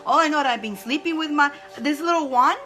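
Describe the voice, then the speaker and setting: A woman hosting a spiritual live stream, chatting casually and excitedly with viewers. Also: sits high, fast talker, soft background music, rough recording. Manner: chatty and excitable, breaks into laughter.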